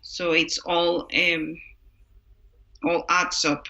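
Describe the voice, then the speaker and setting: A woman with a Scottish accent, a guest giving short, measured answers in a casual interview. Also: on the low side, flat delivery, vocal fry, sharp tone, lo-fi sound. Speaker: guest entrepreneur.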